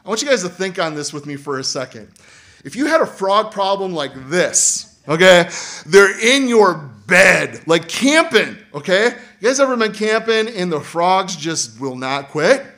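A man preaching a sermon as pastor, animated and acting out quoted voices. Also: high-pitched, moderate pace.

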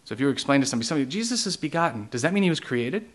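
Pastor guy preaching, lots of rhetorical questions, explains big church words, mid-pitched voice. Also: very animated, very fast. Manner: asks the congregation many rhetorical questions; teaching, explains theological terms. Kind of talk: sermon.

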